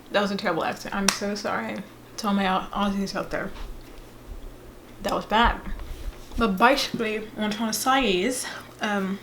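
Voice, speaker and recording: A woman's voice: fairly high pitch, fairly bright tone, slight background noise. A young woman in her twenties chatting casually to her viewers in a playful, rambling way. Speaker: vlogger. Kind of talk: casual vlog chat.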